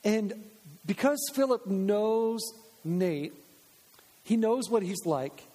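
A man's voice: high-pitched, expressive, takes it slowly, mellow. A man preaching a sermon as pastor in a church, conversational and acting out quoted voices. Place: church sanctuary. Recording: long church reverb.

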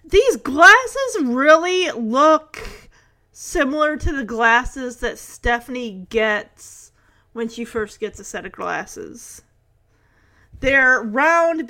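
A woman in casual chat mode, walking through a TV episode scene by scene. Her voice is high and bright. She keeps throwing in sarcastic asides. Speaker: TV episode recapper.

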